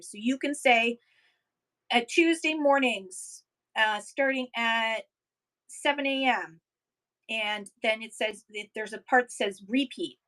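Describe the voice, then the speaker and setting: A woman's voice: on the high side, a bit bright, rough recording. A woman hosting a casual livestream, reading viewer comments aloud and encouraging sellers with upbeat tips.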